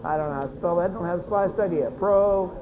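A teacher leading a classroom discussion, briskly encouraging students and repeating their answers aloud. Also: mid-range voice. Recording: dull lo-fi classroom recording.

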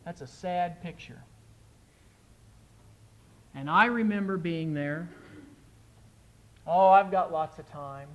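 A man's voice: a little high, takes it slowly, pauses often, muffled recording. A male preacher giving a sermon in an earnest, emphatic way.

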